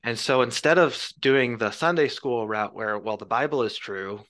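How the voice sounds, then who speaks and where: A man, an apologist guest on a podcast, explaining his reasoning in a measured, lecturing way. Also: medium pitch, fairly bright tone. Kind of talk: casual podcast discussion.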